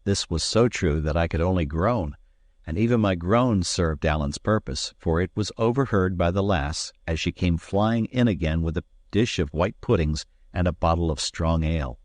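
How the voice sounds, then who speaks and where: A man narrating an adventure novel as an audiobook, in a measured, expressive storytelling manner. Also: low-pitched, no echo. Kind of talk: scripted narration.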